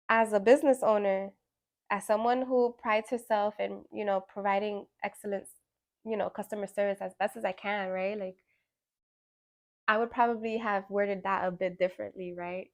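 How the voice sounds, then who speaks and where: A woman's voice: mid-range voice, moderate pace. A woman guiding a full moon ritual, talking in a casual, reflective way with lots of fillers and tag questions. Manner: animated storytelling with acted-out quotes. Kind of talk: casual reflective spiritual talk.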